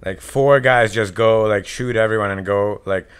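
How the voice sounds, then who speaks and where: A man's voice: lowish voice, normal speed, clean tone. A man chatting casually on a podcast, dropping dry, sarcastic quips. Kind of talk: casual chat.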